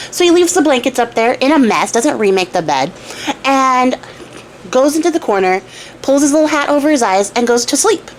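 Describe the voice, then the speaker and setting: A young woman retells an old fairy tale in a loose, chatty way, tossing in irreverent asides as she goes. Her voice sits a bit high, with a faint hum of room ambience behind it. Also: poor audio. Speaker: craft channel host.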